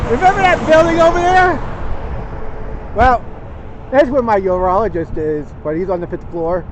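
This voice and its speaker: An older man narrating a walking tour outdoors, chatting as he points out sights to viewers. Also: sits high. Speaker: vlog host. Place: outdoors on a windy bridge by traffic. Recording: outdoor wind and traffic noise.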